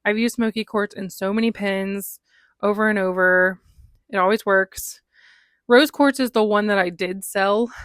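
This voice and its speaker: A woman's voice: mid-range voice, fairly bright tone, no echo. A woman vlogging about her fountain pen inks in a casual, chatty way, with lots of ums and small laughs. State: recovering from a cold. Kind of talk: casual show-and-tell vlog.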